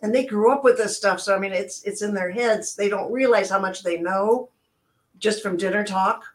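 A woman's voice: mid-range voice, moderate pace. An older woman chatting and telling stories, acting out the quoted voices as a customer service trainer. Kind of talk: casual chat, storytelling.

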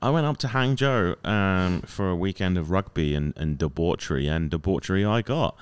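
A man's voice: low voice, expressive, normal speed, clean tone. A man telling a rambling story in casual chat among friends, laughing often and swearing freely. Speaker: podcast guest telling a story.

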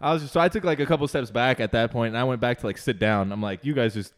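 A young man telling a bar story to a friend in casual chat, animated and swearing, laughing along the way. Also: mid-range voice, rapid-fire.

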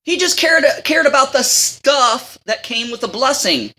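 A woman's voice: high voice, big pitch swings, measured pace, bright, forceful tone. A woman teaching a Bible study in a casual, chatty way, reading scripture and acting out the lines.

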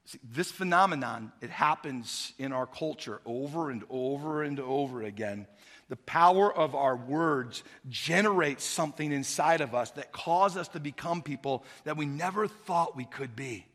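A male pastor preaching a sermon, swinging between quiet, conversational asides and loud, shouted exhortation. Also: on the high side, moderate pace, long reverb tail.

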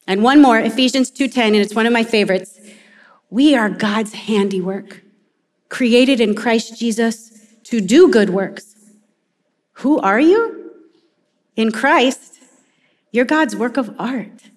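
A woman preaching a sermon, telling stories in an animated way and acting out the quotes. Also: a little high, slow pace, long pauses. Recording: long reverb of a large hall.

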